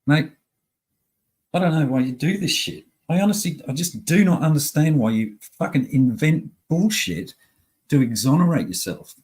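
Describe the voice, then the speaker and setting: A man's voice: fairly high pitch, animated, moderate pace, darkish tone, breathy edge. A middle-aged man, ranting angrily in a profane, rambling monologue.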